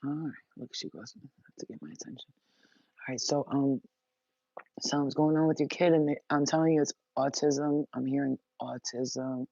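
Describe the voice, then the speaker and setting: A woman's voice: a bass voice, fairly even intonation, normal speed, gravelly, dark tone, no room sound. Blunt, profane woman channeler, lo-fi audio. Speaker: spiritual channeler. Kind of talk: casual live-stream chat.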